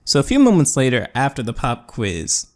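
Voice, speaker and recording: With a medium-pitched voice that swoops wildly up and down, a young gaming YouTuber talks at a moderate pace. Over his gameplay he spins a loose, rambling story packed with fillers and quoted voices.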